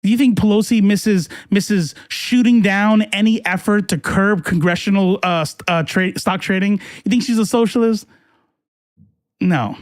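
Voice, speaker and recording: A man's voice: high voice, moderate pace, no room sound, studio quality. A man doing casual live-stream political commentary, reading chat and ranting in a heated, profane, rambling way with many restarts.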